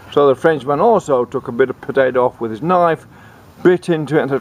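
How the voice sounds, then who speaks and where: A man's voice: a little high, lively intonation, a little fast, a little mellow. A man telling a comic tall tale in a rambling way, often repeating words. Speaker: storyteller. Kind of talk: comic storytelling.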